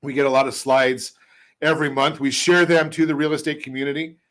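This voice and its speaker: A man hosting a casual radio talk show on homes and mortgages, chatty and a little halting, with dry asides. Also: fairly high pitch, steady tone, fairly bright tone. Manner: chatty, stumbles over words, drops dry jokes. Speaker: radio host and mortgage expert.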